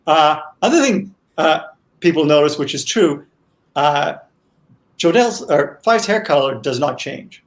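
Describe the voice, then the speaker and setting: A man, the creator of a TV series, explaining his choices as a guest in a casual online chat, speaking thoughtfully and haltingly. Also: a little high, lively intonation. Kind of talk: casual video-chat commentary.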